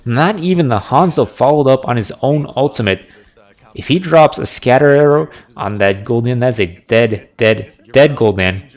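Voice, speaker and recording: A man casting a video game match with live play-by-play, analytical and getting excited on big plays. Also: medium pitch, normal speed. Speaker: esports caster.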